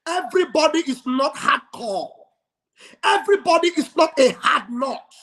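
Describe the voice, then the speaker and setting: Guy on a livestream, high voice, yelling like a preacher, call and response stuff. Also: very animated, measured pace. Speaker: livestream host. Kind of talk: fiery livestream speech. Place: home livestream studio.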